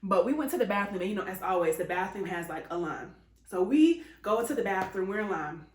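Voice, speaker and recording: A woman's voice: mid-range voice, animated, quick pace. A young adult woman telling a casual, profane story to her viewers as a vlogger, laughing often as she talks. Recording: echoey room.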